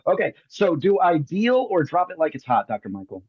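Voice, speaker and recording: A man's voice: a little high, sing-song, brisk, husky, no room sound, muffled recording. A man hosting a live magic show, performing a card trick over a video call with jokey, theatrical patter. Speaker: magician host.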